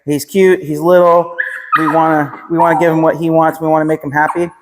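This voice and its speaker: An American dog trainer calmly explains a training session to the dog's owners in a training room, repeating short commands to the dog as he instructs. His voice is fairly high and a little fast. The reverberant room carries faint background noise, plus dog barking and clicks.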